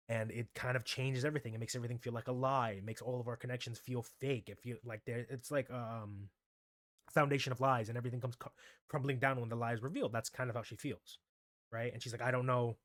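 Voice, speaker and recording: A man's voice: mid-range voice, fairly bright tone, no room sound. Rambling man recapping an anime, dry sound. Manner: rambling, keeps adding "right?" and restarts. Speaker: anime commentary host.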